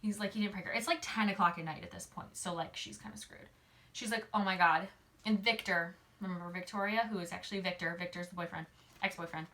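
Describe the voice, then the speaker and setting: A woman's voice: lowish voice, sharp tone. Chatty woman recapping a book. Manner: chatty, filler-heavy, uses "like" a lot; acts out characters' lines in quick quoted voices. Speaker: book summary host.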